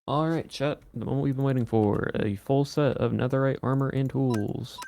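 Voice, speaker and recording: A man with a gravelly, creaky voice talking through his game in a relaxed way. He explains things plainly and unhurriedly over voice chat. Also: mid-range voice, moderate pace, noisy background. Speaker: streamer playing with friends. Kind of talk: casual gameplay commentary.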